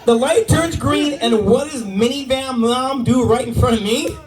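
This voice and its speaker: A brash man in his forties telling stand-up stories with a lot of swearing, his voice sitting notably high for a man. He is picked up from a distance in a live club, with a big crowd around him. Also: moderate pace. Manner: brash, animated, profane. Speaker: stand-up comedian. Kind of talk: stand-up storytelling. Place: live comedy venue.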